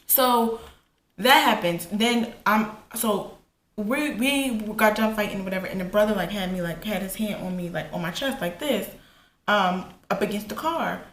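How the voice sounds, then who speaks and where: Animated woman telling a story, echoey room. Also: normal speed. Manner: animated, profane, retells quotes with rising pitch. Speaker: vlogger. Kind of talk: casual storytelling while getting ready. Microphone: camera in front. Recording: echoey room with faint ambience.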